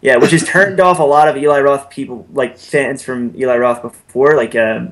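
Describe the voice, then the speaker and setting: A man's voice: medium pitch, fairly even intonation, normal speed, a bit bright. A man guest on a horror podcast, talking chattily with many fillers and some laughs. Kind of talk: casual chat.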